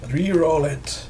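A man's voice: a little high, a bit bright, a little hiss or hum. A man narrating a tabletop game as game master in a loose, chatty, laughing way.

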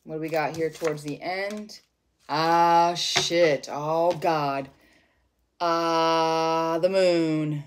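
A woman giving a casual tarot reading, rambling and expressive and swearing freely. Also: deep voice, drawn-out words. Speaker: tarot reader.

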